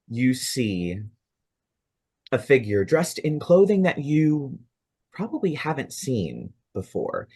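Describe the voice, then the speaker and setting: A man with a medium-pitched voice acts as game master for a tabletop role-playing game. He narrates the scenes in a descriptive, measured way.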